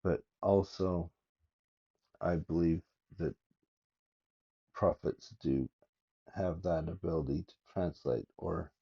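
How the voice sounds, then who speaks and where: An older man reading scripture aloud and musing over it in a halting, thinking-aloud way, recorded on his phone. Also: deep voice, creaky, mellow, slightly rough, highs cut off. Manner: reads verses aloud with halting, thinking-aloud asides. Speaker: scripture study vlogger. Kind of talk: casual scripture study talk.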